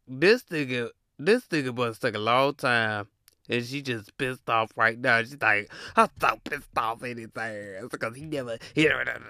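A man ranting in a blunt, animated, slang-heavy monologue as podcast host, laughing often. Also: mid-range voice, dry recording, clean studio sound.

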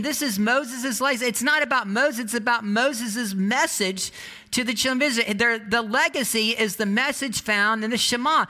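A male pastor with a high voice preaches in a chatty, lively storytelling manner. His tone is bright and forward, and he often stops mid-sentence to restart. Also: moderate pace. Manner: conversational, animated storytelling with many restarts. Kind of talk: sermon.

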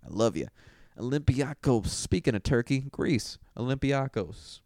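A man's voice: mid-range voice, lively intonation, measured pace, dark tone, dry recording, studio quality. A young man hosting a casual sports monologue, brash and profane, joking as he runs through results. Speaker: host.

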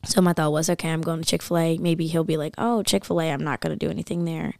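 Young woman rambling thru a story, lots of "like", lowish voice, dry close mic. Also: fast, creaky, few pauses, no room sound. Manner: animated storytelling, acts out voices, says "like" constantly. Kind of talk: casual chat.

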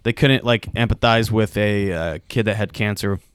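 A man's voice: on the low side, clear, resonant tone, no echo. Blunt, profane man in casual chat. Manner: blunt, profane, halting restarts.

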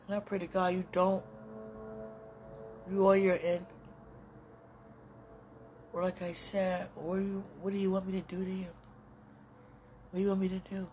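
A woman's voice: fairly low pitch, darkish tone, a little hiss or hum. A woman podcaster talking in a casual, intimate monologue that rambles and often turns to prayer.

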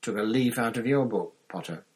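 A man reading a book aloud, voicing a gruff, grizzled old male wizard veteran with a growling manner. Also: mid-range voice, normal speed, pitched above the performer's own voice, rough recording.

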